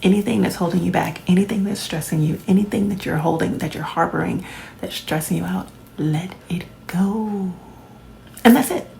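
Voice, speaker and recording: A woman's voice: lowish voice, quick pace, vocal fry, darkish tone, a little hiss or hum, rough recording. A woman, chatting casually to camera as a vlogger, laughing often and adding playful asides. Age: 40s.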